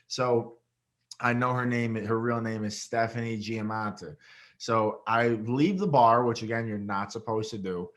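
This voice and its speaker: A young man from Rochester, New York, a guest telling a story in a casual interview, animated and swearing, acting out quotes with big jumps in his voice. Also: medium pitch, unhurried. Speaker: guest, reality show winner.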